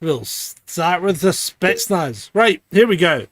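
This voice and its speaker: A man's voice: sits high, lively intonation, slow, dry recording. A man hosting a podcast in casual chat, blunt and plain-spoken, with some swearing. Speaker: podcast host.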